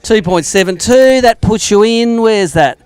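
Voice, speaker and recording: A high-voiced Australian man runs a live fishing weigh-in, chatty and joking as he banters with each angler. His voice is clean and clear, and the sound is dry and close with no room echo. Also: lively intonation, a little slow, a little mellow. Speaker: tournament weigh-in host. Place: outdoor lakeside weigh-in stage.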